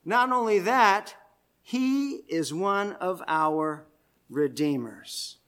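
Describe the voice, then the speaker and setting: Old widow woman voiced by a man, astonished, exclaiming, high-pitched, sermon storytelling. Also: animated, very slow, a bit bright, smooth, full character voice. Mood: excited. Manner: exclaiming, breathless questions.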